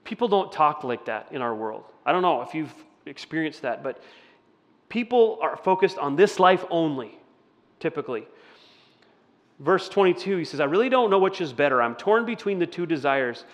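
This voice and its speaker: A man's voice: fairly high pitch, animated, normal speed, fairly bright tone. Conversational man preaching in a reverberant hall. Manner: conversational, asks the audience questions. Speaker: pastor. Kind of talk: interactive sermon.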